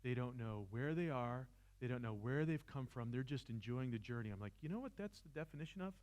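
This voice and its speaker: Animated and fairly quick, a man with a mid-range voice gives a fervent seminar talk on philosophy in a church seminar room. His delivery rises to near-shouting and is laced with self-mocking humor.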